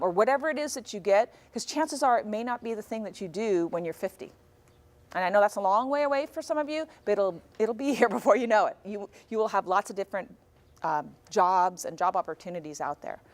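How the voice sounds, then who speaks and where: Animated woman speaker in a classroom. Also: mid-range voice. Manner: animated storyteller, acts out dialogue. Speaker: guest speaker. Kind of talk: classroom talk to high school students.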